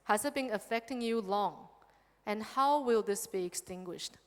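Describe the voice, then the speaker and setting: A Buddhist nun giving a dharma lecture on a sutra, lively and engaging, often checking in with her listeners by asking "okay?". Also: medium pitch, moderate pace. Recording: long hall reverb.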